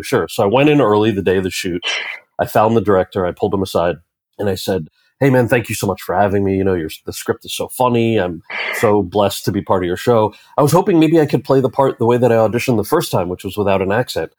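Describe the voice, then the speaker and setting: A man in his thirties with a lowish voice talks fast on a dry recording. He's an actor and author appearing as an interview guest, animatedly telling a story and acting out the quoted lines of the people in it.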